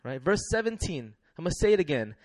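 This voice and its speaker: A young man preaching a sermon in a lively, laughing way, leading the congregation in call-and-response. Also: fairly high pitch, fast, dry recording.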